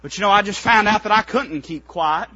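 A preacher acting out an anguished prophet. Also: male voice, high-pitched, a little fast. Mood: fervent. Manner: anguished, pleading, swinging to shouting. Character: weary grown male prophet crying out to God. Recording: dull lo-fi recording.

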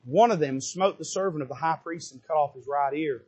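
Male pastor, high husky voice, sermon from the pulpit, builds from hushed to loud and impassioned. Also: fairly quick. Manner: impassioned, swings between quiet asides and loud rising bursts. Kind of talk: fiery sermon. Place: church pulpit.

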